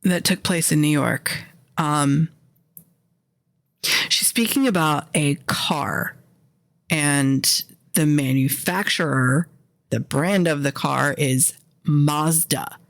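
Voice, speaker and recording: Profane American woman ranting, gravelly edge. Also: low-pitched, takes it slowly, long pauses, no room sound. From American, Philadelphia area. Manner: profane, animated, self-interrupting. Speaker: indie author and podcast host. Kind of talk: casual ranting monologue.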